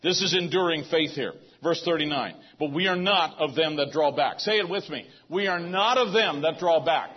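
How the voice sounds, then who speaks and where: A man's voice: a little high, normal speed, hardly any pauses. A man preaching a sermon to a congregation in a loose, conversational way, often restarting his phrases. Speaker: pastor. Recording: dull lo-fi sound.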